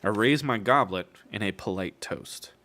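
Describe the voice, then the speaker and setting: A man's voice: lowish voice, normal speed, sharp tone. A man streaming a casual book reading, breaking off with wry, swearing jokes between passages. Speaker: streamer reading a novel aloud.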